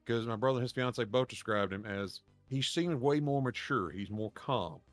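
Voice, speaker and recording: A man's voice: mid-range voice, moderate pace, no room sound, faint music behind. A man, a podcast co-host telling a long story in rambling, profane casual chat. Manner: rambling, profane, laughs while telling stories.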